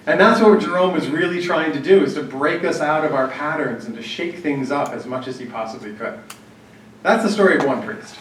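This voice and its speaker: A man with a fairly high voice speaks to a gathered group in a relaxed, anecdotal way, often pausing on fillers and restarting his sentences. He sounds set back from the mic, and the hall's echo hangs around his words. A faint room ambience runs underneath. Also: slight background noise. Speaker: workshop speaker on church planning. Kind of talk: storytelling talk to a live group. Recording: echoey hall, distant mic, faint ambience.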